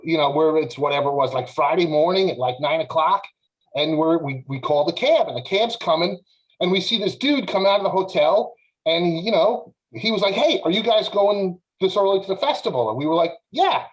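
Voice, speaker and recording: A man on a podcast panel telling a casual, animated story with lots of filler words. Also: on the high side, fairly quick, poor audio.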